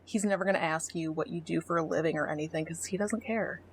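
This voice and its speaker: A middle-aged woman co-hosting a podcast, blunt and sarcastic, swearing freely as she reads a dating profile aloud. Her voice sits a little low for a woman. A faint hiss runs under the recording. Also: quick pace. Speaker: podcast co-host. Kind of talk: casual chat, reading a dating profile aloud.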